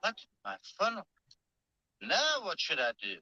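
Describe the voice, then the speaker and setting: Brief: a proud, stubborn Scottish cartoon engine, high and bright, exclaiming, dull lo-fi show audio. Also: male voice, huge pitch swings, a little slow, no room sound, full character voice. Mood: flustered.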